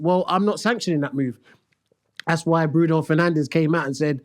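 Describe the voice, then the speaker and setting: A man's voice: high voice, fairly quick. A young man, a podcast co-host ranting in casual football chat. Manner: animated, exasperated ranting.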